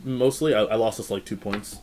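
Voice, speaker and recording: A man's voice: on the low side, a little fast, a little mellow. A man co-hosting a podcast, casually telling a rambling work story with frequent restarts and plenty of swearing. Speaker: podcast co-host. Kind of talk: casual chat.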